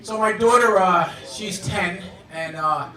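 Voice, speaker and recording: Deadpan stand-up comic man, roomy club. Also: high voice, background noise. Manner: deadpan, halting delivery with fillers. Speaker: stand-up comedian. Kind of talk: stand-up comedy set. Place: comedy club stage with audience laughter. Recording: roomy club sound, audience recording from a distance.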